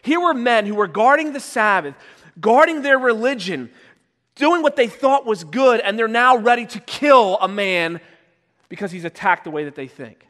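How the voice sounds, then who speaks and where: In a church sanctuary whose long reverb carries his words, a high-voiced male pastor delivers a sermon at a moderate, animated pace. His tone stays conversational until he acts out stories in loud, shouted voices.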